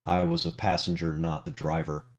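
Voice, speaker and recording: A man's voice: deep voice, little pitch movement, moderate pace, a little mellow, pitched below the performer's own voice, close to an everyday voice. A man role-playing a talkative, mournful ghost of a young man over a lo-fi voice call. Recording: lo-fi voice call audio.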